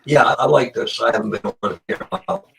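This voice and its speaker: A man on a video call from home late at night, halting and clearing his throat with a frog in his throat. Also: medium pitch, a crowd in the background, poor audio. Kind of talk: casual chat on a call.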